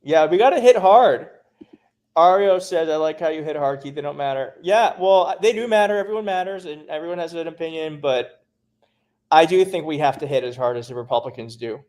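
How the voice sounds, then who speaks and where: A man's voice: a little high, a little fast. Chatty man hosting a home livestream. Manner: chatty, laughs often, animated. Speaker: livestream host. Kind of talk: casual livestream chat reading viewer comments.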